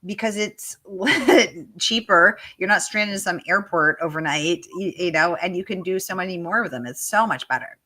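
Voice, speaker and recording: A woman's voice: lowish voice, moderate pace, few pauses, bright, forceful tone. A woman hosting a livestreamed author Q&A, gushing and enthusiastic as she reads viewer questions and praise aloud. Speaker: host.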